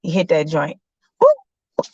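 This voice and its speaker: Low-voiced woman telling a story casually. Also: measured pace, no echo. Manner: relaxed, slangy, with fillers and self-corrections. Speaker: podcast host. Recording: dull lo-fi sound.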